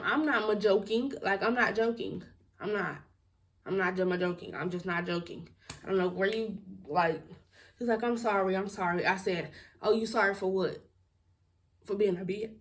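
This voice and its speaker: A young woman with a mid-range voice tells a storytime to her viewers, sounding far from the mic. She's casual, blunt, and outspoken, laughing and swearing along the way.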